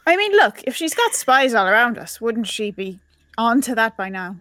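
A woman with a higher, bright voice teases playfully in a tabletop game. Her pitch swings a lot, and the sound is close and dry. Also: big pitch swings, moderate pace, no echo. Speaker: player. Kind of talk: casual tabletop play.

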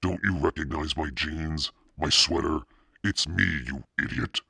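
A man voicing a young girl in a haunted mask, calling out in a gruff, raspy, taunting way. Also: rumbling low, slow, no echo, studio quality, heavily acted. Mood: gleeful.

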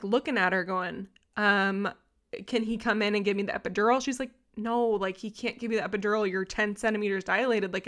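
In a mid-range voice, a young podcast host shares a personal story as a casual storytelling monologue, animated, candid and freely profane.

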